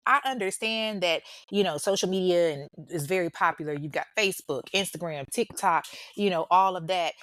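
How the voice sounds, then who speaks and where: Woman telling a crime story, kinda low voice, dead dry sound, blunt, cusses a lot, sarcastic. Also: normal speed, fairly bright tone, no room sound. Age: adult parent. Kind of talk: casual storytelling commentary.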